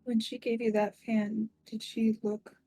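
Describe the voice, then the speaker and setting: A woman's voice: on the high side, flat delivery, measured pace, dark tone, soft background music, low-quality recording. A woman player in a tabletop role-play, musing and speculating aloud. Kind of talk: casual role-play chat.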